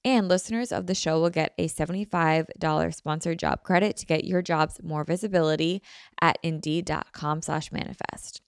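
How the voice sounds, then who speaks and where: A woman reading scripted sponsor ads in a smooth, promotional delivery. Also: low voice, fairly even intonation, normal speed, dry recording, clean studio sound. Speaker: ad reader. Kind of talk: scripted podcast ad read.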